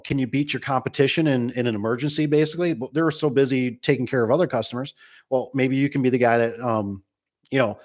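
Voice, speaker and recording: A man who runs a garage door business, giving casual, rambling advice and acting out little exchanges with customers. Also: medium pitch. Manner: rambling, folksy, acts out dialogue.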